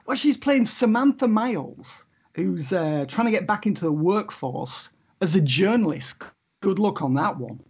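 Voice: medium pitch, lively intonation, moderate pace, a little mellow, breathy edge, muffled recording. A podcast co-host in casual chat, wry and opinionated, laughing often.

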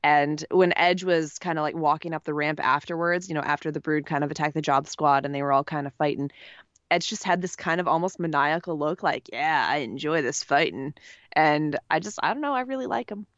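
A woman co-hosting a casual recap podcast, opinionated and animated with quick asides. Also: sits low, no room sound, dull audio. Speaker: podcast co-host. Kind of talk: casual chat recapping wrestling.

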